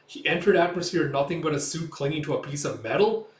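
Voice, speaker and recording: A man voicing a stern, skeptical male interrogator who speaks slowly and doubtfully, in a roomy recording. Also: a little high, lively intonation, close to an everyday voice. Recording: roomy echo.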